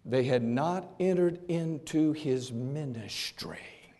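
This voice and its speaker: A male preacher delivering an impassioned sermon that swings from shouts to hushed tones, with long hall reverb. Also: a little high, slow pace.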